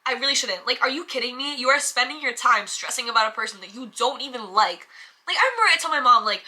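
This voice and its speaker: A young woman vlogging casually to camera, chatty and animated, with lots of fillers and quick self-talk. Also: fairly high pitch. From United States.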